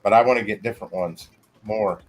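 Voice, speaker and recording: Man, lowish voice, easygoing livestream host who trails off and restarts a lot, faint music under him. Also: fairly even intonation. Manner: rambling, halting, frequent restarts. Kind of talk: casual livestream chat.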